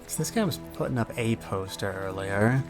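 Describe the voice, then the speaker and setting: A man's voice: lowish voice, lively intonation, normal speed, music in the background. A man streaming a game, chatting to his viewers in a sarcastic, joking way. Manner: sarcastic, joking, talks to chat. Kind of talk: casual game commentary.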